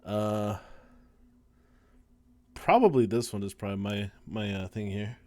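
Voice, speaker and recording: A man's voice: lowish voice, a little slow, dark tone. A man streaming a game live. He chats casually, swears often and stumbles while reading the on-screen text aloud.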